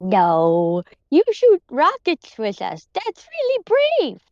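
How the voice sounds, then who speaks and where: A woman's voice: wildly swooping pitch, slow, darkish tone, no echo, lo-fi sound, exaggerated voice. A woman voicing an earnest, comforting little girl in a tabletop game. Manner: high, eager child voice.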